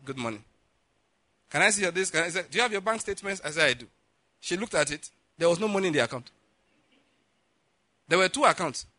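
A Nigerian man with a rather high voice delivers a sermon built around a personal story. He's an animated storyteller who acts out plenty of dialogue and laughs often, and the recording has no echo.

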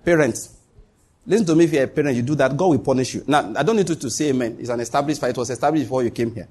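A man's voice: mid-range voice, very fast, a little mellow, husky. A man preaching a sermon as pastor, emphatic, repeating key lines and dropping joking asides.

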